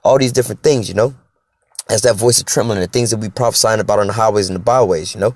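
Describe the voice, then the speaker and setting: A man's voice: fairly low pitch, fast talker, no echo. A man preaching informally on scripture in an emphatic, profane street style, checking in with "all right?" and "you know?".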